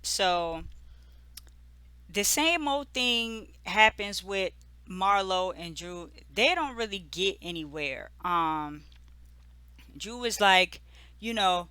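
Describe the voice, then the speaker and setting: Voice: mid-range voice, animated, slow pace, long pauses, sharp tone, clean tone, no room sound. A host giving a casual, gossipy episode recap, full of "like" and "you know". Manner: chatty, filler-heavy storytelling with lots of "like" and "you know"; amused, gossipy asides.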